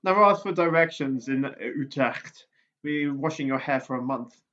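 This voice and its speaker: Deadpan joking man on a dull mic. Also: medium pitch, normal speed. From half Dutch. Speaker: guest writer and podcaster. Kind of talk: casual chat.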